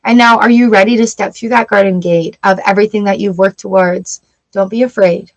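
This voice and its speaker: Poor audio captures a middle-aged woman from Canada hosting a laid-back tarot livestream. Her medium-pitched voice is brisk with fairly even intonation, and she chats and giggles with her viewers throughout.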